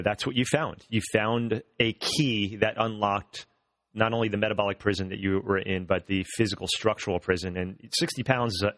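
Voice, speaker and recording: Upbeat low-voiced male host. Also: fairly bright tone, no echo, clean studio sound. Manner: upbeat and encouraging, repeats words as he talks. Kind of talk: casual health interview.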